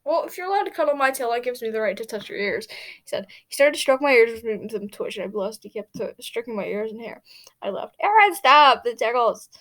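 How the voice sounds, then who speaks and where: A woman with a higher voice reads fan fiction at a quick pace. Along the way she stumbles, restarts sentences, and drops in her own laughing commentary.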